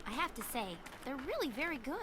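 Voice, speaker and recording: An actress playing a brisk, bossy young woman officer of a town watch in a video game, teasing and stern. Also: sits high, big pitch swings, a crowd in the background. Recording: game audio with music behind.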